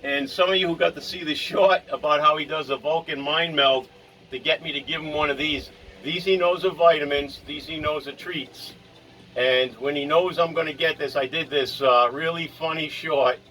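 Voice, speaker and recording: A man's voice: on the high side, fairly even intonation, moderate pace, bright, forceful tone, distant mic, slight background noise. A man from Rhode Island vlogging at home in a rambling, casual chat, often talking to his dog.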